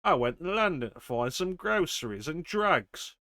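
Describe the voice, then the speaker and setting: A man's voice: on the high side, sing-song, moderate pace, sharp tone, no room sound, studio quality. A man streaming a game, reading in-game diary notes aloud steadily and then chatting casually. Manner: reads steadily, then chats casually with fillers.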